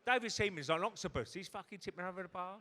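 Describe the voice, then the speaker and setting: A man's voice: sits high, bright, forceful tone. A middle-aged man on a hotel ballroom stage telling a comic story, swearing freely and acting out the voices of other people. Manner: swearing, quick punchlines, acts out voices. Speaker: guest storyteller. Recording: hall reverb at a live event.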